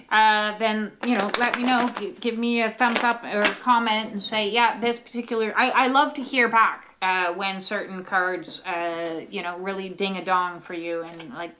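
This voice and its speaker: A woman's voice: medium pitch, pushed and bright. A woman giving a casual, rambling oracle card reading, full of fillers and the odd swear word.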